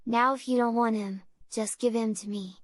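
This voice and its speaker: A woman reading aloud and voicing a tall, calm old male traveling showman with a foreign accent. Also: on the high side, normal speed, no room sound, clean studio sound, natural voice. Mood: persuasive. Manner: calm, quietly shrewd.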